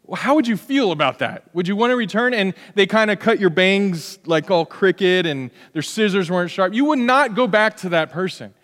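A pastor in his forties delivers a sermon in a church, his voice sitting fairly high for a man. He preaches in a loose, conversational way and keeps slipping into short acted-out scenes. His voice carries a long reverb from the hall. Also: moderate pace, few pauses. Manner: conversational, animated, acts out little scenes. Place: church sanctuary.

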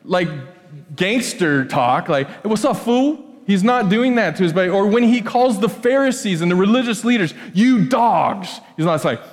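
A man's voice: sits high, a little fast. A man pastor preaching a casual, joking sermon full of restarts and asides. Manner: conversational, joking, animated with many restarts. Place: church sanctuary. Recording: church hall with long reverb.

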